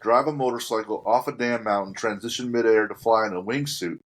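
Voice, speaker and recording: A man's voice: lowish voice, a little fast, a bit bright. A man hosting a podcast, chatting casually and joking with his guest. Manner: joking, easygoing, chuckles. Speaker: podcast host. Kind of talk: casual interview chat.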